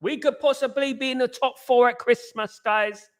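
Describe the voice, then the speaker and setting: A man's voice: very high voice, steady tone, normal speed. A man hosting a live football watchalong stream. He chats casually with viewers and keeps singing playful chant parodies.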